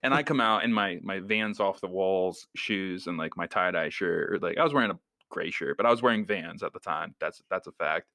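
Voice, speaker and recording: A man's voice: deep voice, fairly quick, hardly any pauses, no room sound. A young man in his twenties, a podcast co-host, telling a story in casual chat, full of fillers and acted-out quotes. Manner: animated storyteller, many fillers, acts out quoted voices.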